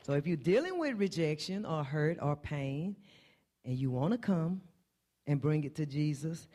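A woman's voice: low-pitched, lively intonation, moderate pace, warm tone, faint music behind. A woman delivering a sermon in church, impassioned and repeating refrains, her voice climbing on key phrases. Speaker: church speaker.

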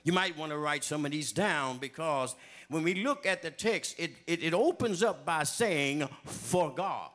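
A man preaching a sermon, speaking straight to his congregation, with repeated refrains that build up to shouting. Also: a little high. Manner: addresses the congregation directly, calling for testimony.

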